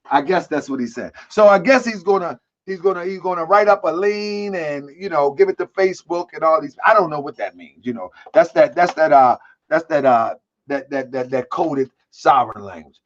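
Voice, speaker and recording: A man's voice: a little high, animated, normal speed. A man hosting an online commentary show, talking in a heated, repetitive way with streetwise slang. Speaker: host. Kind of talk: casual commentary. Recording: dull lo-fi sound.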